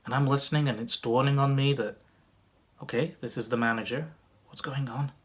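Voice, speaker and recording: A male magician tells a story to the camera in a casual, conversational way. Every so often he rushes ahead in quick bursts. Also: mid-range voice, steady tone, slightly rough. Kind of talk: storytime vlog narration.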